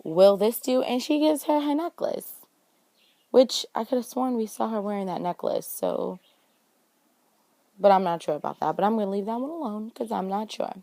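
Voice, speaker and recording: A young woman chats through a TV episode recap, slangy and dramatic, acting out bits as she goes. Her voice sits at a middling pitch and sounds close and dry, with no room around it. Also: expressive, moderate pace, gravelly, warm tone, no echo. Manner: chatty, dramatic, slangy, acts out scenes in quoted voices. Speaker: TV recap vlogger. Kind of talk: casual animated recap chat.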